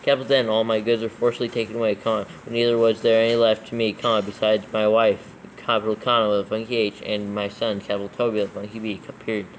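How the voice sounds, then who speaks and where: A man's voice: on the low side, level tone, fast talker, few pauses, a little hiss or hum, poor audio. A man reading scripture aloud for proofreading, steadily spelling out every punctuation mark and capital letter. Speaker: scripture reader in a proofreading session. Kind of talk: dictating text aloud with punctuation.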